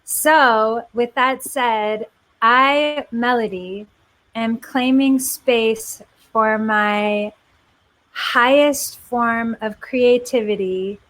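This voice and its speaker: A woman guest speaks candidly and playfully in a casual conversation. Her voice sits fairly high, and she takes her time. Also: very slow, fairly bright tone, poor audio. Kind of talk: casual chat.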